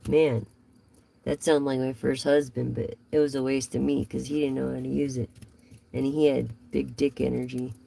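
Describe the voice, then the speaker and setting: A woman's voice: very deep voice, little pitch movement, moderate pace, creaky, warm tone, a little hiss or hum, rough recording. A woman giving a casual live tarot reading, chatty and rambling as she talks straight to her viewers. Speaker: tarot reader.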